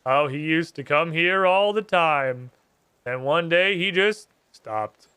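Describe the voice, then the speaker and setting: A man voicing a dignified talking cat in a game, speaking slowly in a measured, stately way. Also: on the high side, animated, sharp tone, clear, resonant tone, no echo, exaggerated voice. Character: slow, dignified garden cat.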